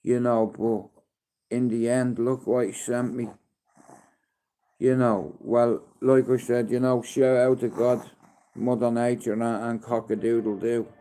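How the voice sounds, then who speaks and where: A man in his fifties on a casual live stream, mixing coaxing sing-song baby talk and sudden loud calls with rambling, heartfelt chat. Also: medium pitch, level tone, a little slow, a little hiss or hum. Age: 50s.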